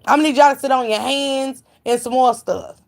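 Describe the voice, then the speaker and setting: A woman's voice: high voice, fairly even intonation, fairly quick, gravelly. A woman giving blunt, profane gossip commentary to her live stream chat, preaching and calling out viewers by name.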